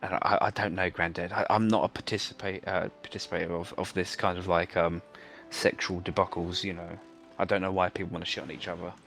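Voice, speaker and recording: A man's voice: sits low, level tone, quick pace, gravelly, a bit bright, soft background music. A man telling a long rambling anecdote with many fillers while playing a game with friends. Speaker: gamer telling a story. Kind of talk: casual chat over gameplay.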